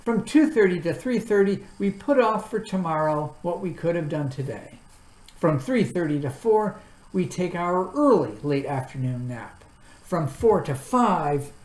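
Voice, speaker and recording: A woman's voice: low-pitched, a little mellow. A woman voicing idle, sleepy little creatures in a storybook reading, with a lazy drawl. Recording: echoey room, faint background hum.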